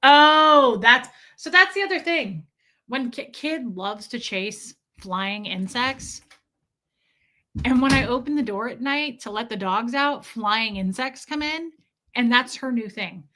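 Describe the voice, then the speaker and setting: A young woman hosting a live stream, chatting casually and reading out viewers' names in an animated, chatty way. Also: fairly high pitch, slow. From Midwest US. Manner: chatty, animated, reads chat names aloud. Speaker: livestream host.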